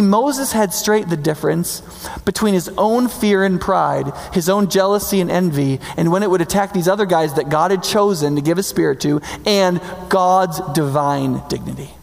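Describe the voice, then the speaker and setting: Gravelly high-voiced male preacher. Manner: emphatic, conversational, slows for key words. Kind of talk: sermon. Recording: long reverb hall.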